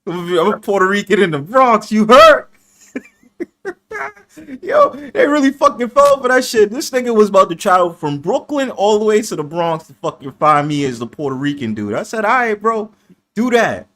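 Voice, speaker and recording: A man's voice: high voice, big pitch swings, normal speed, bright, forceful tone. Rowdy New man hosting a panel. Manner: boisterous, profane, laughs often, acts out quoted voices. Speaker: host of a live panel stream. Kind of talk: casual panel chat.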